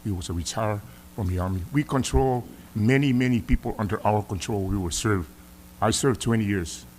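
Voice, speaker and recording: A man's voice: on the low side, normal speed, a little mellow, a little hiss or hum. A middle-aged man with a Samoan accent, a senator sternly scolding an official during a hearing in a legislative chamber. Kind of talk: formal hearing address.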